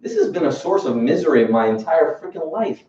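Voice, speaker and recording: Animated man telling a story in a roomy hall. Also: on the high side, brisk. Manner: animated storyteller acting out bosses, laughing, street-talk swearing. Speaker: sales team trainer. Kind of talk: motivational training talk. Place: training room with audience. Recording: roomy, distant, muffled room recording with background noise.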